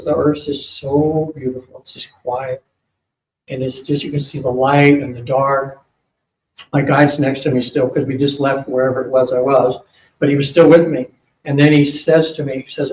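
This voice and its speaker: An older man speaking at a psychic fair, telling a long rambling story to an audience, with many fillers and quick asides. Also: mid-range voice, little pitch movement, a little mellow. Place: hotel event room. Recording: roomy, distant mic with faint hum.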